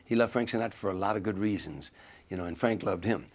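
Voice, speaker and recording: A man's voice: fairly low pitch, fast. A man casually telling a story, acting out the quoted lines as he goes. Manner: animated storyteller who acts out quoted lines.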